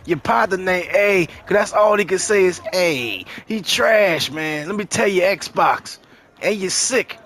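Man doing Chicken George, a cocky high-voiced trash talker. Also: measured pace, a bit bright, slight background noise. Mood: taunting. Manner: boastful, taunting, profane trash talk. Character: cocky trash-talking older-sounding streetballer man. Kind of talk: in-game voice chat trash talk.

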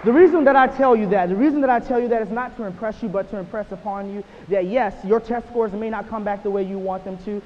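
A young man in his twenties delivers a motivational keynote in a high voice. He is punchy and repetitive, often checking in with "right?" His voice sounds dull and echoes through a large hall, with faint hiss behind it. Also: quick pace, few pauses. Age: 20s. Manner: punchy, repeats phrases and asks "right?". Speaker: motivational speaker.

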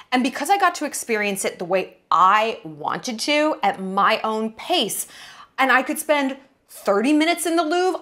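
A woman's voice: on the high side, bright, forceful tone. A woman in her thirties talking to camera in a casual travel vlog, brash, playful and blunt, with frequent swearing. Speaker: travel vlogger.

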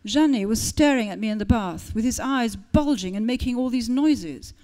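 A woman author reading her own first-person fiction aloud at a literary event, with lively, expressive storytelling that shifts tone for different characters. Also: a little high, normal speed.

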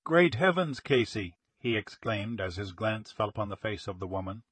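A man narrating a mystery audiobook in a steady, measured storytelling manner. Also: fairly low pitch, husky, no echo. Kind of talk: scripted narration.

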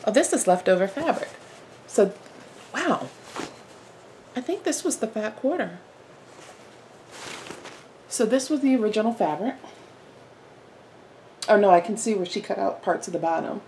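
A woman hosting a casual craft haul vlog, talking excitedly and gushing, sometimes dropping to a soft whisper. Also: mid-range voice, unhurried, long pauses, a little hiss or hum. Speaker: flosstube host.

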